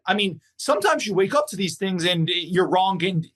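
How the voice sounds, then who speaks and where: A man's voice: sits high, moderate pace, fairly bright tone. A man hosting a podcast, asking long, rambling questions full of acted-out quotes. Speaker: podcast host. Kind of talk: casual interview talk.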